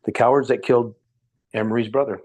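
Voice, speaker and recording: A man's voice: mid-range voice, steady tone, fast, a little mellow. An older man, a former police officer from Nevada, telling a long story in a rambling, hesitant way with many fillers. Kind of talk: casual storytelling on a live stream.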